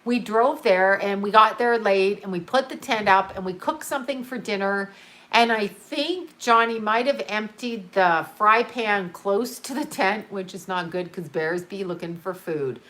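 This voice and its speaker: A woman's voice: mid-range voice, a little slow, fairly bright tone. A middle-aged woman hosting a livestream, telling family camping stories in a chatty, profane way, laughing as she talks. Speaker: psychic livestream host. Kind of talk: casual livestream storytelling.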